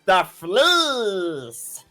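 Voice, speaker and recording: A game master voicing a tiny, boastful male frog who runs a circus and announces his acts in loud, sing-song ringmaster patter. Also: medium pitch, huge pitch swings, extremely slow, soft background music, heavily acted. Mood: showy.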